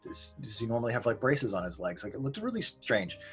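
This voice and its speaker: A man's voice: mid-range voice, very animated, quick pace, fairly bright tone, faint music behind. A man casually reviewing a movie on a podcast, rambling and swearing as he talks. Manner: rambling, profane, acts out quotes. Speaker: podcast host.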